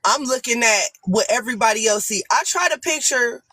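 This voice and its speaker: A woman's voice: a little high, fairly quick, pushed and bright, dry recording. A woman with an African American accent giving a blunt, profane, rambling rant as a guest on a live stream panel. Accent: African American English.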